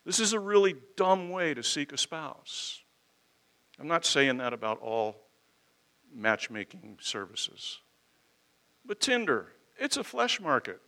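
Bright-voiced, emphatic male preacher. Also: fairly high pitch, sing-song, takes it slowly, long pauses. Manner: emphatic, conversational preaching with rhetorical questions and folksy asides. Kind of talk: expository sermon.

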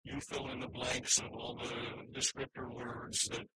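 A male pastor preaching in an earnest, emphatic way, pressing his points and restarting phrases as he thinks aloud. His voice is bright and forceful, with a faint hiss of noise behind it. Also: mid-range voice, flat delivery, a little slow, low-quality recording. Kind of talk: sermon.

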